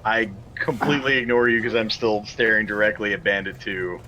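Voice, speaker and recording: A man's voice: fairly low pitch, steady tone, a little fast, dull audio, noisy background. A man playing a tabletop game, talking in short, blunt bursts. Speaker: player. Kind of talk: casual tabletop role-play.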